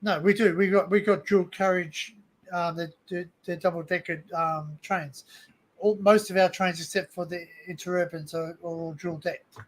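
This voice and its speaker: A man's voice: sits high, fairly even intonation, moderate pace. A man with an Australian accent hosting a casual chat, eager, repeating himself and cutting in. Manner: eager, repeats himself, talks over others. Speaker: host.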